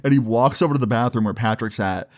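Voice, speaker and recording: A young man casually telling a funny party story to his camera, slangy and animated, full of "like" and "dude". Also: medium pitch. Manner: animated, slangy, fast retelling with lots of "like" and "dude". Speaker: vlogger.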